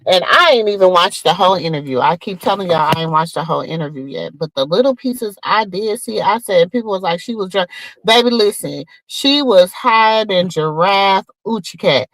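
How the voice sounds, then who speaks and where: A woman hosting a casual gossip show, talking straight to her viewers in an animated, chatty way. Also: fairly low pitch, moderate pace, few pauses, no room sound, rough recording. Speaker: podcast host.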